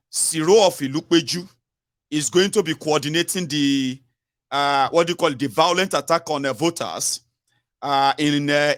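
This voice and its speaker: A man's voice: a little high, a bit bright, no echo, studio quality. A man with a Nigerian accent hosting a political call-in show, talking urgently and repeating himself, with lots of fillers and tag words. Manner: urgent, repetitive, fillers and tags like "oh" and "sure you get". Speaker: talk show host.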